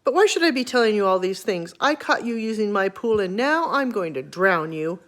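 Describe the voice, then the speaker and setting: A gloomy old rhinoceros from a children's storybook, angry and full of self-pity, as a woman reads him aloud. His voice swings lively between booming complaint and sulky sighs. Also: moderate pace, lightly acted. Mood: sorrowful. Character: old sad grumpy male rhinoceros. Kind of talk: storybook reading.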